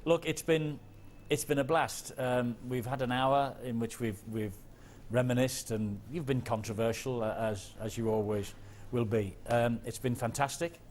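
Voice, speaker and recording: A man's voice: medium pitch, fairly even intonation, moderate pace, few pauses, a little mellow, slight background noise. A man presenting a sports show, jovial and teasing in studio banter with his co-host.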